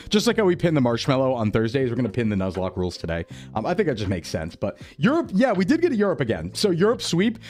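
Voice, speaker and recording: A man's voice: on the high side, darkish tone. A man chatting casually on a live stream, upbeat and talkative, greeting viewers by name.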